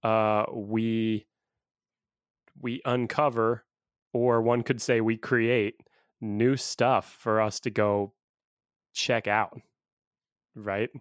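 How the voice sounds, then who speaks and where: A man's voice: fairly low pitch, level tone, very slow, pauses often, clear, resonant tone, no echo, clean studio sound. A man co-hosting a casual podcast chat, musing aloud and laughing often. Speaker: podcast co-host.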